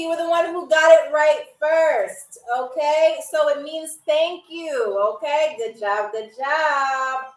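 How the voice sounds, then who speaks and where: A woman hosting a live trivia game show, chatting playfully with commenters and spelling out foreign phrases slowly. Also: high voice, distant mic. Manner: playful, teasing chat with commenters. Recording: echoey room, away from the mic, faint music.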